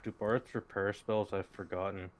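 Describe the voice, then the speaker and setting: A man's voice: fairly low pitch, level tone, moderate pace, slight background noise. A man playing a tabletop game, hesitant, groaning and swearing now and then. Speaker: player. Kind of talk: casual chat at a tabletop game.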